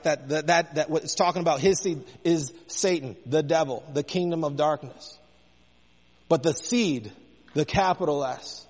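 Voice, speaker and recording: A man's voice: fairly high pitch, big-room sound. A man preaching a sermon, impassioned, his intensity rising and falling as he speaks.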